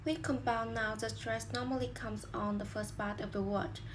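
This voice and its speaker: A woman's voice: a little high, steady tone, moderate pace. A young woman student presenting a class lesson on word stress, reading out a prepared explanation with some slips. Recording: clear background noise.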